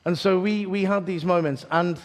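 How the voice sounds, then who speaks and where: A man's voice: high-pitched, normal speed. A man preaches at an evening church gathering. He tells his sermon as a string of stories, chatty and self-deprecating, tripping over his words and restarting often. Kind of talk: storytelling sermon.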